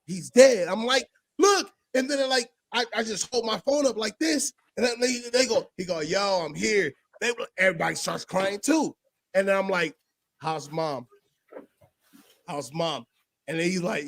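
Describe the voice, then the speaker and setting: A man's voice: high voice, normal speed, no room sound, clean studio sound. A man telling a personal story in a casual podcast chat, acting out the voices of others and dropping to a near whisper at emotional moments. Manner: animated, acts out voices in his story, drops to a near whisper for emotional parts.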